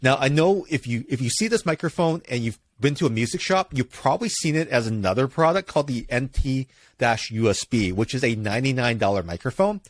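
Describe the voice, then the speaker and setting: This man co-hosts a casual tech podcast, reviewing gear and explaining it at length with plenty of fillers and restarts. His mid-range voice is brisk with lively intonation. He's recorded close on a dynamic mic in a studio, and the sound is dry.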